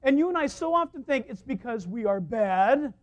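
A man preaching a sermon as the church's pastor, telling stories in a lively way and laughing at his own anecdotes, recorded in a church. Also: extremely high pitch, normal speed. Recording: dull lo-fi sound.

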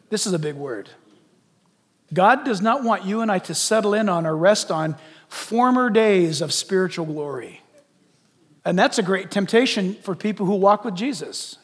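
A man preaching a sermon in an animated way, dropping to a hush and then rising to shouts. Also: high-pitched. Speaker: pastor. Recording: long hall reverb.

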